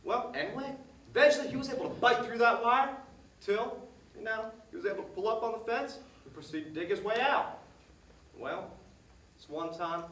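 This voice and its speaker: A man's voice: on the high side, fairly bright tone, slight background noise, lightly acted. An actor on stage playing a folksy man, telling a rambling story about his dog. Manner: folksy, rambling, repeats himself. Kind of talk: stage monologue. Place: theater stage. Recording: echoey stage heard from a distance.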